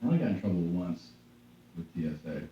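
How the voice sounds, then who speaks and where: A man hosting a podcast, chatting casually and telling animated, profane stories. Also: deep voice, fast talker, a little hiss or hum. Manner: animated storyteller, swearing, acting out quotes. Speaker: podcast host. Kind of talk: casual chat. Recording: echoey room from far off, dull lo-fi.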